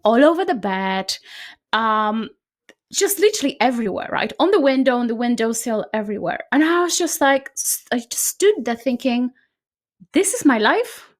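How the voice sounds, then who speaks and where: Speaking at a normal speed, a decluttering coach with a fairly high voice shares a personal story as a conversation guest. Her unscripted, informal delivery is lively and animated, and she frequently ends lines with "right?".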